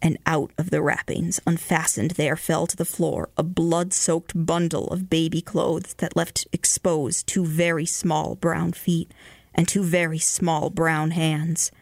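A woman radio host reading ghost stories aloud in a measured way, slowing and hushing for the eerie parts. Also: low-pitched, flat delivery, no echo, clean studio sound. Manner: measured, slows and hushes for eerie moments.

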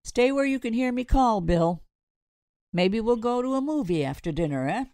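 A woman's voice: fairly high pitch, animated, normal speed, a little mellow, no room sound, studio quality, pitched above the performer's own voice. A woman voicing a hearty, joking father who teases his wife and son. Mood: teasing. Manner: jovial, teasing.

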